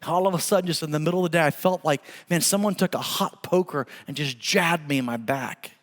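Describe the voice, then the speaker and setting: A middle-aged man preaching a sermon, telling stories with humor in an animated way. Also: a little high, a little fast, in a large hall. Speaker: pastor. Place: church sanctuary.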